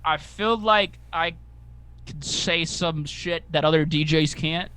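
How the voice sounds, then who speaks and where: A young man, a music producer guest, chatting casually in an energetic, crude, swearing, joking way. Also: a little high, takes it slowly, clear, resonant tone. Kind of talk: casual chat.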